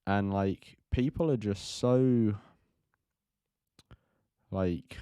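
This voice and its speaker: Deep-voiced man rambling on a stream. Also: very slow, dark tone, clean tone, dry recording. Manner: rambling, lots of fillers and "like". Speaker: streamer reacting to a film. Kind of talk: casual live-stream commentary.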